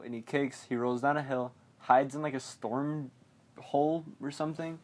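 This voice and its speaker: A young man hosting a podcast, recapping a film in a rambling, casual way, full of fillers and quick mock quotes. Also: medium pitch, fairly even intonation. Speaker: podcast host.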